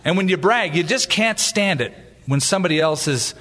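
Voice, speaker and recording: Male pastor, lively jokey sermon delivery, fairly high voice, long hall reverb. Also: brisk. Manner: animated, jokey preaching with acted-out asides.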